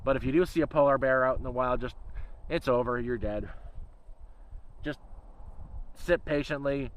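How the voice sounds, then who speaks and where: A man's voice: mid-range voice, normal speed, poor audio. A man rambling in a casual livestream chat, swearing freely and laughing often. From Canada. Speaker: channel host.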